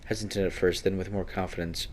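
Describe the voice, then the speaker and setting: A man narrating a video game playthrough, reading its text aloud in a steady, descriptive manner. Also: deep voice, fast talker, a little hiss or hum. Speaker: let's play narrator.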